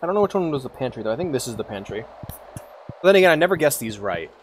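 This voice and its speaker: A man's voice: mid-range voice, big pitch swings, fast, slight background noise. A man streaming a farming game, chatting casually, humming to himself, reading lines aloud and swearing freely. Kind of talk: casual gameplay commentary.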